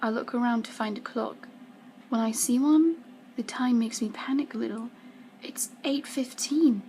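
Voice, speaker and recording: A woman's voice: a little high, normal speed, dark tone, a little hiss or hum, rough recording. A young woman reading her story aloud. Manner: slips into whispers, small stumbles. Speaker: student reader.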